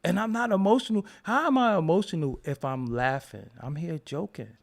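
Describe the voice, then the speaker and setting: A man's voice: a little high, moderate pace, vocal fry. A man hosting his own show, ranting live to his chat in a mocking, profane way and laughing often. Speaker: show host. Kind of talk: live-stream rant answering chat.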